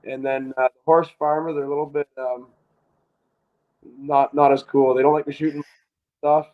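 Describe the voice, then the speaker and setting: A man's voice: medium pitch, flat delivery, moderate pace. A man with a Canadian accent, a guest in a casual interview, talking in a laid-back way, swearing freely and stumbling over restarts. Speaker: guest artist. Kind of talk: casual video call interview. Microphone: video call. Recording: muffled lo-fi call audio.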